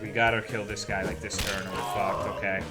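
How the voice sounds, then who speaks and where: A man's voice: low-pitched, flat delivery, fairly quick, loud music behind the voice. A man streaming a game, chatting casually and offhandedly with plenty of swearing. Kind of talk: casual gaming stream commentary.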